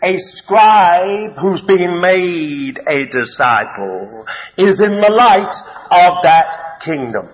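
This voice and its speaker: A man preaching a sermon, deliberate and halting, with many fillers and gentle humour, in a large hall. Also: high voice, lively intonation. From Britain. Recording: reverberant hall, faint background noise.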